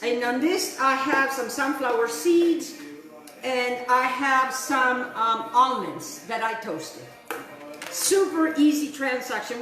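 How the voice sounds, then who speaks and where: A woman's voice: high-pitched, echoey room. A middle-aged woman hosting a home cooking show, chatty and enthusiastic, with many fillers and asides. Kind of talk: casual cooking demonstration. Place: home kitchen.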